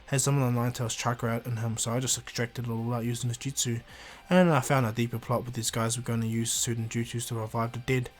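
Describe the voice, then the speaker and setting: A man's voice: mid-range voice, flat delivery, quick pace, few pauses, natural voice. A man voicing a cheerful, joking young male ninja who talks in a chatty, upbeat way.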